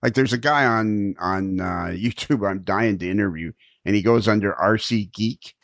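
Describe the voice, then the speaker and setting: Gravelly, low-voiced male podcast host. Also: moderate pace, fairly bright tone, dry recording. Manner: rambling, searching for words, chuckles while telling stories. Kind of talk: casual conversational interview.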